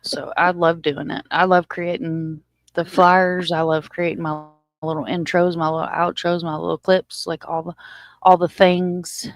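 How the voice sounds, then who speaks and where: Woman, stream host, slightly low voice, joking and loose, dry close sound. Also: little pitch movement, a little slow, no room sound. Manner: loose, joking, swears casually. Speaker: channel host. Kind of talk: casual livestream chat.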